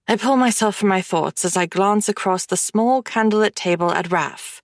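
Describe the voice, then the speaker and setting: Female audiobook narrator, mid pitch, wry and confiding, dry booth sound. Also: a little slow, few pauses, dry recording. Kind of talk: first-person romance narration.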